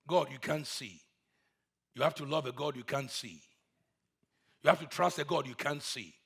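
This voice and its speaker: A man's voice: a little high, normal speed, pushed and bright. A man preaching a sermon, telling a story with emphatic, repeated phrases.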